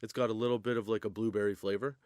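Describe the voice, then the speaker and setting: A man's voice: on the low side, flat delivery, very fast, darkish tone, dry recording, clean studio sound. Rambling, profane man hosting a podcast. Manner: casual, profane, rambling stoner banter. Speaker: podcast host. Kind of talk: comedic stand-up style monologue.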